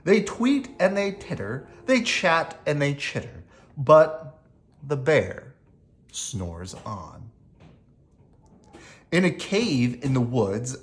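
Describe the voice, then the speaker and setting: A bedtime storyteller reading a children's picture book aloud, sing-song and hushing softly on the refrains. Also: medium pitch.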